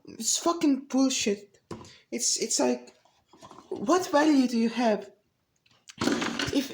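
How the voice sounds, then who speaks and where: A woman's voice: a little high, vocal fry, slight background noise. A woman vlogger ranting casually, profane and rambling, with many restarts. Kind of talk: casual rant to camera.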